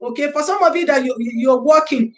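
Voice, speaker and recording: Speaking fairly quickly in a high voice, a woman runs a casual livestream about early years parenting. She reads viewer comments, names and thanks her viewers, and gives earnest advice with repeated phrases, captured on a low-quality recording.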